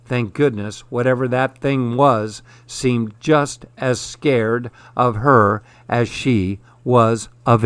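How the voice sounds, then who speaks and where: A man narrating short horror stories in a slow, measured storytelling voice. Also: mid-range voice, no echo.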